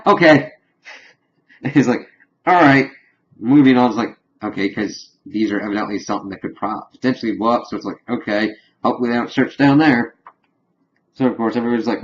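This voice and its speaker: Low-voiced man recapping a show, lo-fi. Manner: retells scenes loosely with "he's like" quotes and fillers. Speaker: TV show reviewer. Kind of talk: casual spoiler recap review.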